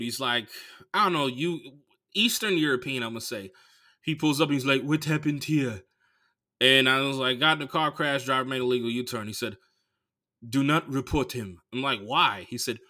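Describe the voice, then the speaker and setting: A man hosting a comedy podcast, telling a profane story as a monologue, swinging from mumbled asides to loud outbursts. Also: medium pitch, a little fast. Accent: Bay Area.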